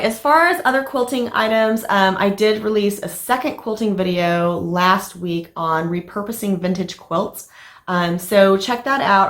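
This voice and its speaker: Crafting vlogger, woman in her middle years, casual and talkative, medium pitch. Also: reverberant. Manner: chatty, animated storytelling with fillers. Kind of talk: casual chat to camera.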